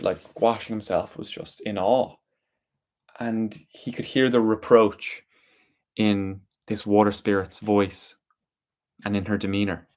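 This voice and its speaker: A man telling a story aloud, slow and deliberate with drawn-out pauses. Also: fairly low pitch, steady tone, a little mellow. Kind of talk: spoken storytelling.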